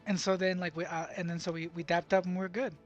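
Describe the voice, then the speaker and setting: Speaking quickly in a high, level voice, a young vlogger tells a confusing story about his job site, rambling with fillers and restarts. He's bilingual and uses Spanish at work, and the lo-fi recording has faint music behind it.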